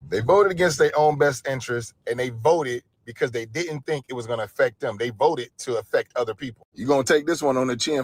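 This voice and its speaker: A man's voice: fairly high pitch, no room sound. A man giving casual, wry opinion commentary, building up to a point.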